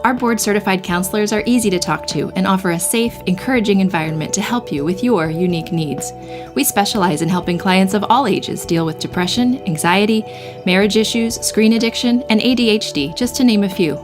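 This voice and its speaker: A woman reading a scripted sponsor ad in a smooth, promotional delivery. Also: medium pitch, fairly quick. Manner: warm, even promotional delivery. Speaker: ad announcer. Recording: music bed behind.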